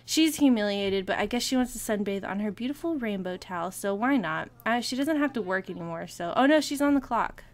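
A woman casually commenting on her gameplay as a let's play host, excitable and chatty, often laughing and gasping and talking to her game characters. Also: medium pitch, brisk, few pauses.

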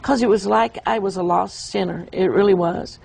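A woman telling an emotional, halting account of a vision in an interview. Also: medium pitch, steady tone, creaky, darkish tone, husky, low-quality recording. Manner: emotional, halting storytelling with restarts. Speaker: guest describing a vision. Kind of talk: earnest testimony in an interview.

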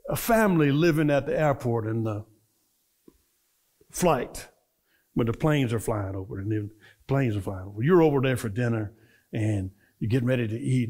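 A male minister delivers a conversational sermon to his congregation during a church service, quizzing them with call-and-response questions. His mid-range voice has vocal fry and a breathy edge, and he moves from relaxed storytelling into fervent preaching.

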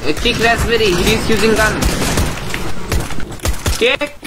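High-voiced man, yelling game commands, cursing, loud game noise behind. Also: fairly even intonation, measured pace. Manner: shouting, swearing, repeating short commands. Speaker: gamer. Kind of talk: loud gaming chatter with teammates. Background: game sounds, clicks and gunfire.

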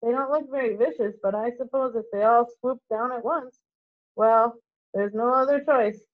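A woman voicing a brave, steady young boy wizard who talks calmly and reassuringly, in a dull lo-fi recording. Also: fairly high pitch, normal speed, close to an everyday voice. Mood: determined.

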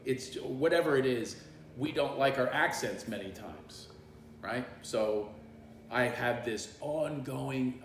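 A middle-aged comedian tells loose, rambling stories on a livestream and often laughs along the way. His voice sits at an ordinary pitch for a man. It bounces around a small office, with a faint hum of room sound underneath. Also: takes it slowly, reverberant. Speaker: comedian and coach hosting a livestream. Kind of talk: casual storytelling on a livestream.

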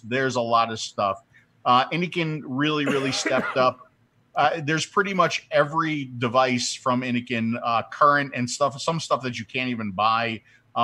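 Bright-voiced joking male host. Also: fairly high pitch. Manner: joking, teasing. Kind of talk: casual chat and giveaway announcement.

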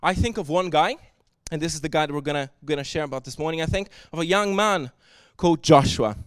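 Guy preaching, high voice, dry close sound, gets loud and emphatic. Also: fast talker, clean tone, no room sound. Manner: earnest, swings from soft to loud and emphatic. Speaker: pastor. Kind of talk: sermon. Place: church service.

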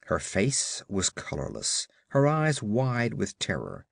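A man giving expressive, dramatic audiobook narration of a pulp adventure. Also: lowish voice, takes it slowly, gravelly, slightly rough, dry recording, clean studio sound.

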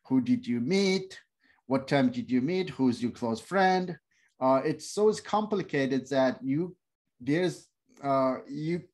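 A middle-aged man whose first language is Uyghur, teaching a classroom lecture in halting speech with many fillers and restarts. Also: medium pitch, darkish tone. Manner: non-native phrasing. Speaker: instructor.

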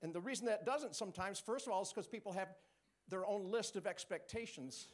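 A man's voice: sits high, brisk. A man preaching a sermon, teaching with call-and-response and chuckles.

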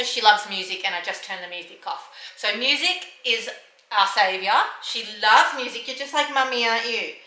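A woman's voice: a little high, pushed and bright, poor audio. A young woman chatting casually in a vlog while tending her baby, often slipping into coaxing sing-song talk to the infant, recorded on a phone in a bedroom. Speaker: vlogger, mother of a baby. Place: baby's bedroom, indoors. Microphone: phone camera held by hand.

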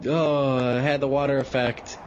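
A man's voice: mid-range voice, flat delivery, moderate pace, lo-fi sound. Young man, gaming commentary, playful sing-song chanting, faint hiss behind. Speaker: gaming channel host. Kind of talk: casual gameplay chat.

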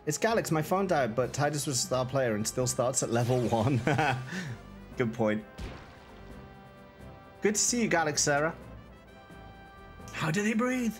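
A man's voice: on the high side, big pitch swings, unhurried, long pauses, faint music behind. A young man streaming a game, bantering and joking in rambling commentary. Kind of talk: live gameplay commentary.

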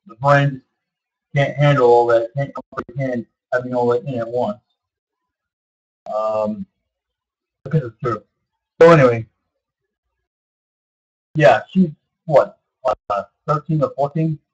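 Vlogger, male, early 30s, husky voice, meandering delivery, dull lo-fi recording. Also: mid-range voice, slow pace, pauses often. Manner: meandering, repeats himself, many fillers. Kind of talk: rambling casual monologue.

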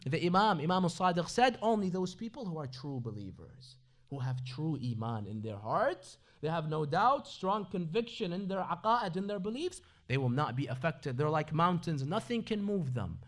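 At an Islamic centre, a man with a slightly high, expressive voice gives a Ramadan religious lecture at a moderate pace. He moves between recited Arabic sayings and explanations in English, posing rhetorical questions along the way.

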